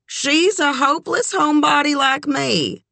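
A woman's voice: high voice, unhurried, gravelly, pushed and bright, no echo, voice pushed up, full character voice. A woman voicing a kind older aunt who talks in a dry, wry way. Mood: dry kindness.

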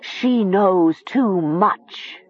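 A reader voicing a soft, commanding voice that speaks inside a girl's head and gives her slow, hushed orders. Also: mid-range voice, husky, muffled recording. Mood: cold commanding. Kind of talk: audiobook reading.

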